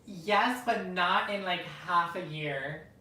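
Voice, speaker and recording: A young woman co-hosting a casual entertainment chat, easygoing and chatty, quick to agree. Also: lowish voice, bright, forceful tone. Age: young adult. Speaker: co-host. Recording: echoey room, mic at a distance, faint noise.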